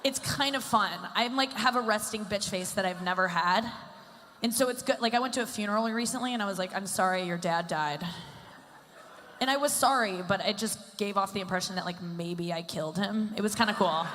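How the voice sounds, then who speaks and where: A woman's voice: medium pitch, a little fast, fairly bright tone, a little hiss or hum. A woman in her thirties doing a stand-up comedy set on stage, rambling and self-deprecating with lots of "like". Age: 30s. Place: stage before a live audience. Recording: long hall reverb, faint ambience.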